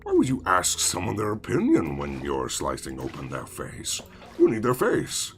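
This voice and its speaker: A man's voice: low voice, wildly swooping pitch, normal speed, a little hiss or hum. A man streaming a game, talking to himself in sarcastic, rambling commentary. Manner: sarcastic rambling self-talk. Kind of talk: casual gameplay commentary.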